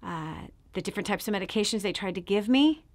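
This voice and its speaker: A middle-aged woman hosting a show, giving an emphatic personal testimony straight to her viewers and sometimes dropping to a hush. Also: medium pitch, expressive, fast, dry recording. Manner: emphatic, addresses listener directly; drops to a hushed, near-whispered delivery. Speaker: show host.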